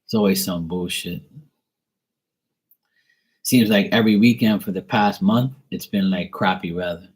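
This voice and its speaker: Joking, low-voiced man chatting live. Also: measured pace, long pauses, slightly rough. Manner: playful, joking, boastful banter with viewers. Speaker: live tarot reader responding to chat. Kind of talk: casual live-stream chat.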